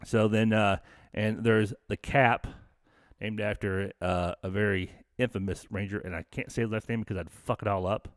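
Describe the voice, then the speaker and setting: A middle-aged man from the American South rambles through a story on his live stream, cursing constantly and tripping over restarts. His voice sits on the low side. The sound is close and dry, with no room around it. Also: steady tone, moderate pace, dry recording. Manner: profane, rambling, many fillers and restarts. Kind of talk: casual storytelling.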